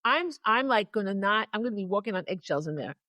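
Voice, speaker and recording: A woman's voice: mid-range voice, expressive, quick pace, bright, forceful tone, dry recording. A woman co-hosting a podcast in casual chat, telling a story with energy and acting out both sides of the phone calls as she goes. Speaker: podcast co-host.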